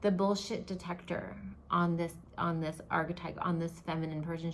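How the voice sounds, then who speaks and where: A young woman explains spiritual ideas in a loose, chatty way, restarting her sentences and laughing at her own slips. Her voice sits somewhat low for a woman. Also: fairly even intonation, moderate pace, a little hiss or hum. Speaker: spiritual teacher. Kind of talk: casual spoken teaching to camera.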